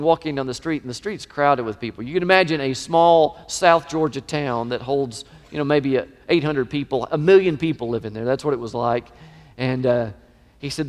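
A middle-aged man preaching a sermon, emphatic and animated, his voice swelling in pitch and volume. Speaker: pastor. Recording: long reverb of a large hall.

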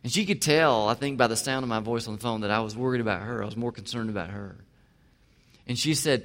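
A male pastor preaching a sermon, swinging from emphatic to quiet. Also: mid-range voice, fairly quick. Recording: long hall reverb.

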